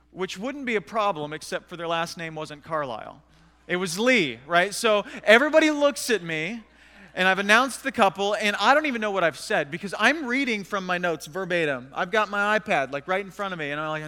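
A pastor telling a self-deprecating story in an animated way during a sermon. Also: male voice, sits high, fairly quick, big-room sound. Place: church sanctuary.

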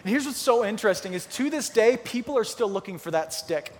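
A man pastor giving a conversational sermon, telling Bible stories in a casual, animated way. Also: very high-pitched, a little fast, big-room sound. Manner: conversational storytelling, acting out Bible characters.

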